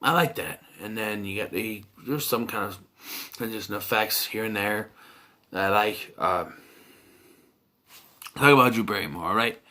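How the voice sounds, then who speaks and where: Rambling bright-voiced man reviewing a movie. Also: fairly low pitch, moderate pace, pauses often. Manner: rambling, many fillers and restarts.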